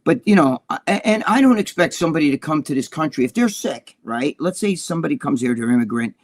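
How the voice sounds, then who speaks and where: A man's voice: fairly high pitch, lively intonation, fast talker. Blunt, profane ranting man. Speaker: co-host. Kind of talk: casual talk show chat.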